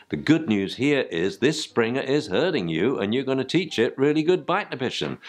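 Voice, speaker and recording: An older man, teaching dog training informally and acting out yelps and spoken commands to dogs. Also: deep voice.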